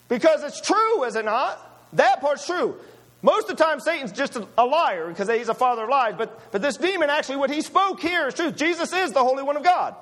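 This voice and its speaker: A man's voice: very high-pitched, fairly bright tone. A man preaching a sermon, emphatic and full of rhetorical questions to his listeners.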